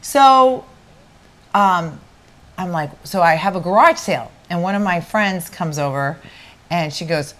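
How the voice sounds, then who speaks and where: A woman co-hosting a podcast, telling a neighbor story in casual chat, animated and full of restarts and acted-out quotes. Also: on the low side, unhurried. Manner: animated, acts out quoted voices, many restarts. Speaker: podcast co-host.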